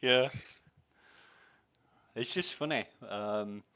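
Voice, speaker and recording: A man's voice: fairly low pitch, very slow, sharp tone, smooth. Chatty man gaming with friends. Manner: chatty, friendly, laughs easily. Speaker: gaming streamer leading a group. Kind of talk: casual gaming chat over voice call.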